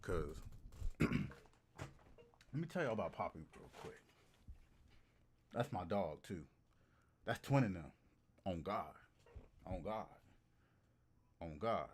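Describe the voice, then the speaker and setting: A man casually chatting to his livestream audience, animated and slangy, repeating phrases for emphasis. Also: low voice, slow pace, long pauses, a little hiss or hum. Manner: slangy and profane. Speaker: streamer.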